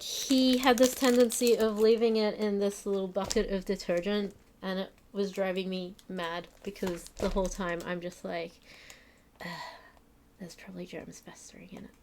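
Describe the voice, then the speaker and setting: Her voice sits in the mid range with a darkish tone, and there's slight background noise. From her home stream room, she unpacks on stream and chats loosely, full of fillers and self-mocking asides.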